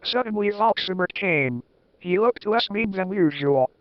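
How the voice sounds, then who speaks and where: A man's voice: sits high, animated, unhurried, no room sound. A man giving a comic dramatic reading, with wry, sarcastic asides. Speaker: reader. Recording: dull, lo-fi dry recording.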